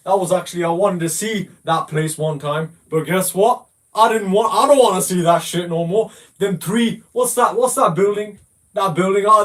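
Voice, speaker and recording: A man in a voice call, trash-talking and swearing at another player in a mocking, insulting way. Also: high voice. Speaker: gamer in a voice call. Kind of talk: casual trash talk.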